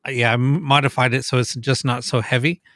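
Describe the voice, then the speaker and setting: A man co-hosting a live podcast, talking in a relaxed, hesitant way with many pauses. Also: mid-range voice, a little hiss or hum. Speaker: podcast co-host. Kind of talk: casual live podcast chat.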